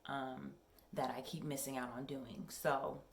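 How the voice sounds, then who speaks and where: A woman's voice: very deep voice, steady tone, a little slow, roomy sound, a little hiss or hum. A young woman in casual vlog chat at home, rambling and chatty with many ums. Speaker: vlogger. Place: home workout room.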